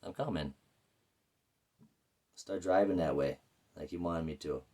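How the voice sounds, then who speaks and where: A man's voice: low-pitched, normal speed, dark tone. A man telling a rambling, profane story about his life in a casual, blunt way. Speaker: vlogger.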